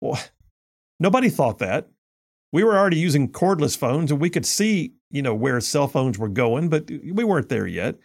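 A man's voice: a little high, lively intonation, moderate pace, vocal fry. A man hosting a talk radio show, reading news stories and mocking them in a sarcastic, combative way. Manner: sarcastic, combative, reads news then mocks it.

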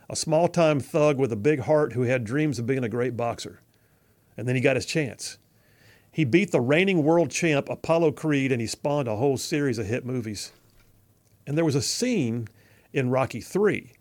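A man's voice: mid-range voice, darkish tone. A middle-aged man hosting his show with an opinion monologue, folksy and emphatic, full of rhetorical questions. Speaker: radio host.

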